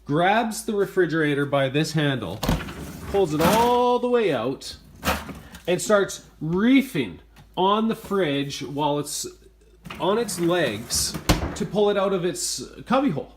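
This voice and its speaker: A man filming at home, retelling a bad repair visit in an exasperated, hurried rant. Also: sits high, expressive, background noise. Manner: exasperated, retelling events in a rush. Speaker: homeowner reviewing appliances. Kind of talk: ranting home video complaint. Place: inside a home kitchen.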